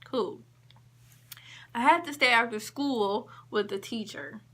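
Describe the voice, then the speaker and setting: A woman vlogger telling a story in a casual, emphatic way, acting out what people said and shifting between quick and drawn-out phrases. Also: on the high side. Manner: emphatic, animated retelling with quoted dialogue.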